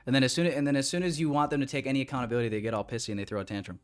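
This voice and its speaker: A man's voice: medium pitch, steady tone, racing, clean tone, soft background music. A young man hosting a trading livestream, ranting casually and profanely at his chat with big swings in energy.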